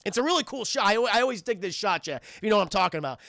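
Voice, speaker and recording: High, gravelly, bright-voiced man streamer. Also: very fast, no echo, clean studio sound. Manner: animated, profane, acts out characters. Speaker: streamer and film reviewer. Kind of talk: casual film recap to live chat.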